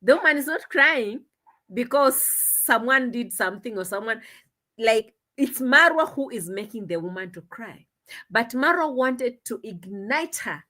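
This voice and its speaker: A woman's voice: a little high, fairly bright tone. A woman commentator reacting to a clip, talking in an indignant, mocking way and sometimes laughing. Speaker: commentary vlogger. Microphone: desk camera.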